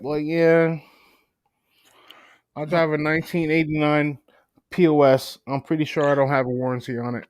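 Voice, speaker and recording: Easygoing man with a slightly high voice. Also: flat delivery, smooth, dry recording, clean studio sound. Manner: laid-back, swears casually, acts out customers in quick voices. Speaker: podcast co-host. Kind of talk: casual chat. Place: works at a gas station in New York City.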